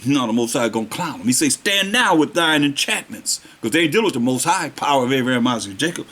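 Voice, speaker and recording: A man teaching scripture as a preacher, reading verses slowly and then restating them in plain street talk. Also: medium pitch, lively intonation, fairly bright tone. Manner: slows down to stress the verses.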